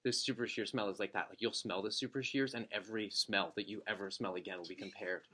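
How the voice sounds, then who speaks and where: A district manager gives a motivational talk to his sales team in a meeting room with an audience. Speaking quickly in a lowish voice, he tells stories animatedly, acting out quotes and cracking jokes.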